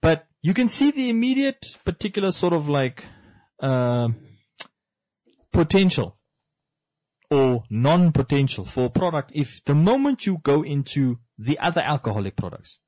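A man's voice: a little high, very animated, moderate pace, darkish tone, dry recording. A man hosting a casual talk discussion, talking animatedly and firing rhetorical questions at his co-host.

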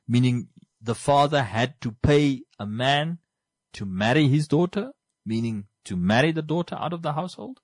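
A man's voice: fairly high pitch, no echo. A man hosting a podcast, talking casually about books in a rambling way, often restarting and repeating words. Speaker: podcast host.

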